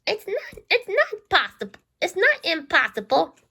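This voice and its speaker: A fretful, grumbling male Fraggle, as a woman reading a storybook puts him on, his voice pitched high and swooping all over. He worries over everything and trips on his words, with a gravelly edge underneath. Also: huge pitch swings, unhurried, bright, forceful tone, full character voice. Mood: upset.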